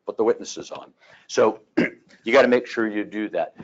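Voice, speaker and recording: A man teaching a continuing education class on real estate law, telling folksy stories and clearing his throat often. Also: on the low side, moderate pace, muffled recording.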